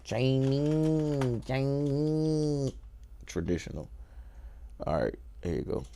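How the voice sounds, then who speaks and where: A man hosting a casual show, thinking aloud in a relaxed, playful way and enjoying wordplay. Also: mid-range voice, slow, slight background noise. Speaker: host. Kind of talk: casual musing talk.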